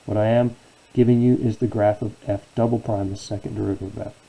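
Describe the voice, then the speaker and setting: A man's voice: fairly low pitch, level tone, fast, vocal fry, dark tone, poor audio. A man teaching a calculus lesson as a professor, asking questions and answering them himself. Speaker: math professor. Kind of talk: calculus lecture.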